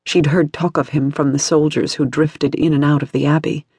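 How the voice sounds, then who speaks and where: A man narrating an audiobook in a steady, dramatic way. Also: fairly high pitch, moderate pace, slightly rough, dry recording.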